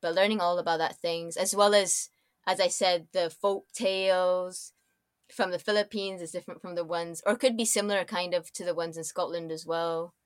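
A woman guest on a casual podcast with a lowish voice and dry, close sound. She rambles through her answers, full of "like" fillers, and her phrases trail off softly. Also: steady tone, normal speed, smooth, no echo. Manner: rambling, many likes and soft trailing-offs.

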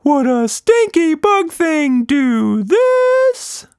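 A man voicing a wild magical blob monster who booms like a circus ringmaster. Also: sing-song, drawn-out words, dry recording, clean studio sound, full character voice. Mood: showy. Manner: theatrical, booming ringmaster.

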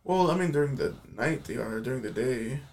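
Young male co-host, lively pitch, gravelly, casual joking banter. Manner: joking, swearing, quick banter. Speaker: podcast co-host. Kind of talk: casual chat.

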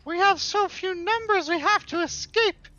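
Shrill panicked goblin minion. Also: male voice, moderate pace, bright, forceful tone, highs cut off. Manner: shrill pleading cries. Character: frightened small male goblin minion, panicky.

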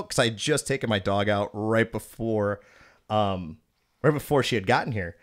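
A young man with a lowish voice tells stories in a casual chat, cursing freely. He acts out both sides of his conversations. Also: moderate pace. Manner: profane, animated storyteller. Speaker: podcast host.

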